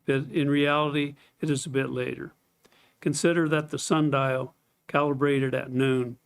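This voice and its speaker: Here a man with a mid-range voice delivers a scripted Bible study lesson. He explains each point in sequence, reads scripture out loud, and clears his throat from time to time.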